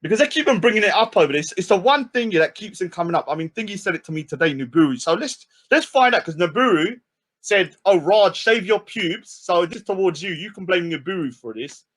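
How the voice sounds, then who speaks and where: A man hosting a live stream, ranting and mocking, swinging between shouts and low mutters. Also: animated, fast.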